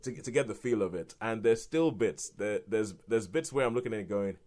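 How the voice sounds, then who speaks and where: A British man co-hosting a podcast, reviewing films in a rambling, animated way with restarts and laughs. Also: fairly low pitch, a little fast. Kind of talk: casual film review chat.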